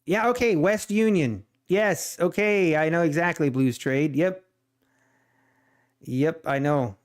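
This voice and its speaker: A man's voice: a little high, takes it slowly. A man whose first language is Pennsylvania Dutch, chatting casually and laughing easily with viewers on his day trading livestream. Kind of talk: casual live-stream chat.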